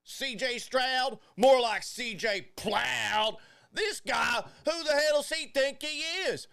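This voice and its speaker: A man doing a loud, outraged Texas sports fan with a put-on Southern drawl, ranting trash talk. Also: very high voice, slow, vocal fry, smooth, pitched above the performer's own voice, heavily acted.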